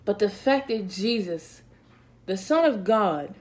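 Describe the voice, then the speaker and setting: A woman, a Christian speaker, giving a casual devotional talk in a lively, conversational and slangy way, often checking in with "right?". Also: mid-range voice, slow.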